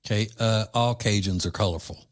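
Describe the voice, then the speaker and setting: A man's voice: lowish voice, a little fast. A man from Louisiana hosting a podcast, giving blunt, combative political commentary with rambling asides. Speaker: podcast host.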